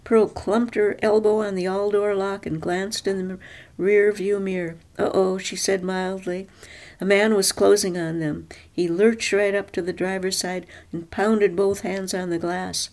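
A woman's voice: medium pitch, level tone, measured pace, darkish tone. Woman reading a story aloud. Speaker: narrator. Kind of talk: scripted narration of a story.

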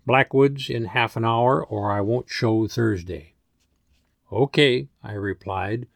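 A man narrates a first-person story in an even, mid-range voice. His delivery is measured and plain, in the manner of an audiobook. The recording is dry and close. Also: medium pitch, no echo.

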